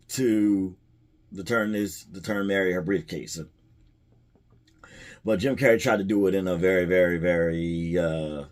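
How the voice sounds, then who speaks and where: A man's voice: low-pitched, darkish tone. A man casually retelling a movie's plot in a rambling way, chuckling at the jokes as a film reviewer.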